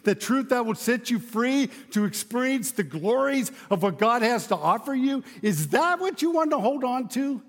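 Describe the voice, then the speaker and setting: A man's voice: very high-pitched, in a large hall. A male pastor preaching a sermon, emphatic, driving his points home with repeated rhetorical questions.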